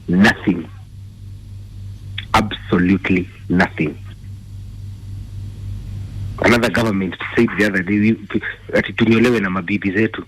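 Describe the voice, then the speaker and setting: An angry man with a Kenyan accent calls in to a radio talk show. His voice is low and husky. He talks indignantly, hammering the same rhetorical questions again and again. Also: steady tone, normal speed, pauses often, fairly bright tone, poor audio. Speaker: caller. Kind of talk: call-in radio rant.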